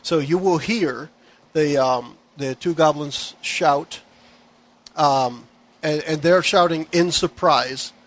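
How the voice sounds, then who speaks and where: A man narrating as game master, relaxed and chatty with many fillers. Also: a little high, slow pace.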